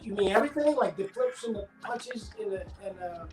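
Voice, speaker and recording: Animated middle-aged man telling stories. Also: high-pitched, a little fast, echoey room, music in the background, rough recording. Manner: animated, acts out the dialogue of people in his stories. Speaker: actor guest. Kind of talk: casual interview storytelling.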